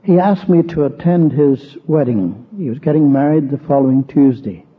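This old, tinny, narrow-band recording features a man preaching an expository sermon in a fairly high, husky voice with lively intonation at a moderate pace. He walks through the verses emphasizing repeated words, then turns to a personal story.

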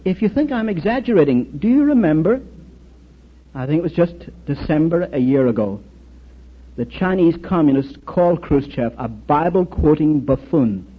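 Guy preaching, telling stories w lots of back and forth dialogue, raspy voice, old muffled tape sound. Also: fairly high pitch, normal speed. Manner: anecdotal, animated, trades quoted dialogue. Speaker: speaker addressing an audience. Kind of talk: storytelling sermon talk.

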